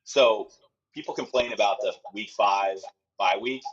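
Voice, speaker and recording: A man who runs a sports travel company, a guest on a talk show, chatting in a steady, upbeat promotional way. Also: fairly low pitch, unhurried, slightly rough. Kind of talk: casual interview chat. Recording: muffled lo-fi sound.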